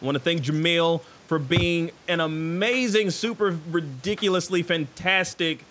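Brief: male podcast host, a bit high, bright tone, jokey and excitable, trips over his words in a studio. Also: normal speed. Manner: excitable, joking, stumbling restarts. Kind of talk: casual live show chat.

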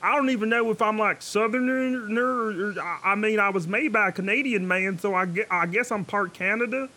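Brief: a man putting on a very high, bright-toned goofy rabbit puppet, slow-witted and easygoing, rambling drawl. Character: laid-back dim-witted happy male rabbit puppet. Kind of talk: puppet character voice.

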